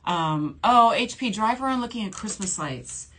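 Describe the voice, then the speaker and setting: Husky lady in her 40s from new orleans, chatty and giggly, reading out viewer comments on a livestream. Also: mid-range voice, lively intonation, moderate pace, fairly bright tone. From New Orleans, USA. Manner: chatty and bubbly, laughs often. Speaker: shopping channel host.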